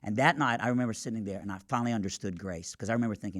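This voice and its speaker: A man with a lowish voice tells his story with animated, earnest energy on a radio show. He is recorded close and dry in a studio. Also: dry recording. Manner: animated, earnest, quick asides. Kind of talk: storytelling testimony.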